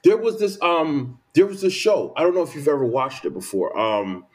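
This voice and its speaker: Man, high voice, very lively pitch, emphatic, repetitive, casual chat. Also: normal speed. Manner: animated, repetitive, emphatic complaints.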